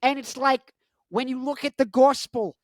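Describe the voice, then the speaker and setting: A man's voice: extremely high pitch, fairly even intonation, normal speed, no echo, clean studio sound, voice pushed up. A man doing a comic impression of a male pundit and lecturer, asking emphatic rhetorical questions in a raised, strained voice.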